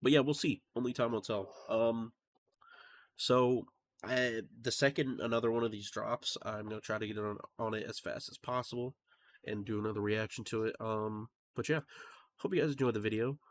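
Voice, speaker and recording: A music reaction channel host with a lowish voice talks at a normal speed. He's relaxed and casual, rambling with fillers and restarts.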